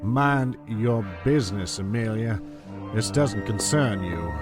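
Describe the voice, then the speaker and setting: An actor playing a domineering, secretive husband in an audio drama, speaking gruffly and with authority. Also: male voice, lowish voice, slow, over music. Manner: gruff and commanding.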